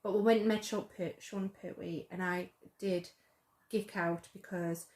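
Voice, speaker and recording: A woman's voice: fairly low pitch, steady tone, a little slow, a little mellow. A young woman hosting a casual, enthusiastic chat that gushes and rambles. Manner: chatty and enthusiastic, gushing. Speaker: host. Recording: roomy echo.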